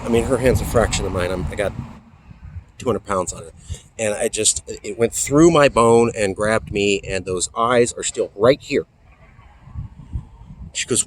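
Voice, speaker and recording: A man in his forties from California, telling a personal story in a halting, emphatic way that sometimes drops to a near whisper. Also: fairly low pitch. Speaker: political activist. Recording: outdoor traffic noise.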